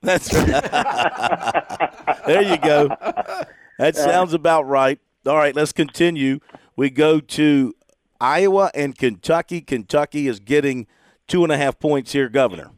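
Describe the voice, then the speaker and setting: A man's voice: fairly high pitch, slow pace, no room sound, studio quality. A man hosting a radio sports talk segment, jovially running through game picks and often laughing at his guests. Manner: jovial, laughs often while reading spreads. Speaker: radio sports show host. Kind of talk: casual radio chat.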